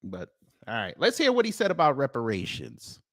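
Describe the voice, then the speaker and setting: Animated male host, slangy and scolding, lively pitch, dry close sound. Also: normal speed, dry recording. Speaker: commentary channel host. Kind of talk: heated reaction commentary.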